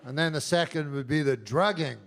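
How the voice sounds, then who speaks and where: Male stand-up comic, deadpan and halting, slightly high voice, noisy live club recording. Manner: deadpan, halting, with drawn-out pauses. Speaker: stand-up comedian. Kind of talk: stand-up comedy set.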